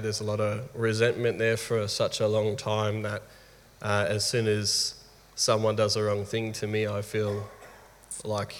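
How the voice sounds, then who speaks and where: A man in his thirties with an Australian accent, telling a candid personal story as a father, lively and laughing often. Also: fairly low pitch. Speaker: guest father. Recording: reverberant room.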